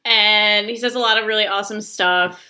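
Woman on a podcast reading out an email, lots of ums, sharp bright voice. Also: mid-range voice, fairly even intonation, a little fast. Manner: hesitant, many ums, dry. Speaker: podcast co-host. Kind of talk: casual chat, reading a listener email.

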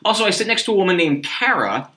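A man co-hosting a podcast, chatting casually with an animated, story-telling way about him. He swears now and then, and his voice sits a bit on the higher side. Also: quick pace. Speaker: podcast co-host. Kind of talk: casual chat.

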